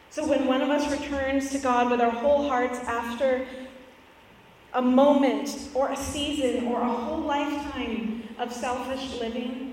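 A high-pitched woman in her thirties, a pastor, preaches in a church sanctuary, telling a family story with playful asides. She's recorded from far off in an echoey hall, with slight background noise.

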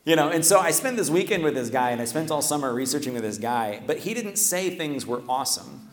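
A man's voice: on the high side, lively intonation, fairly quick. A man preaching a sermon at a church microphone. He talks in a casual, conversational way and often checks in with the listeners by asking "right?". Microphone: stands at a microphone. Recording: echoey church hall, long reverb.

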